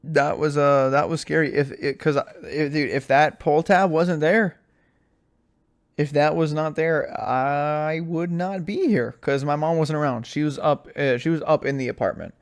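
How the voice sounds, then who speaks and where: This young podcast host, whose voice is fairly high, talks at a normal speed in a relaxed solo chat. He spins animated stories loaded with slang and filler, leaning hard on "like" and "dude."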